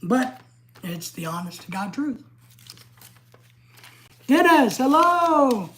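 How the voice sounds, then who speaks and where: A middle-aged woman from the United States hosting a casual livestream, ranting in an excitable, blunt and profane way. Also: high-pitched, takes it slowly. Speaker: livestream host.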